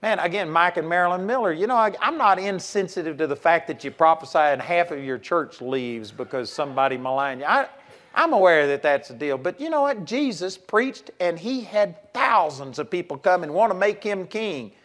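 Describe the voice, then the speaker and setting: A man preaching a sermon in a folksy, animated way, swinging between loud punches and quiet asides. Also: high voice, moderate pace.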